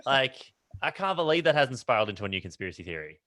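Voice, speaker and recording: A man's voice: medium pitch, big pitch swings, quick pace, a bit bright, dry recording. A man joking on a comedy podcast, rambling into wild scenarios.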